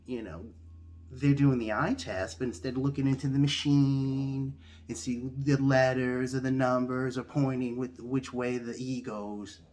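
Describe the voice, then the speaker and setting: A man telling a comedic story, shooting up into a high outraged squeal whenever he quotes himself. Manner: animated, jumps to a high-pitched outraged squeal when quoting himself.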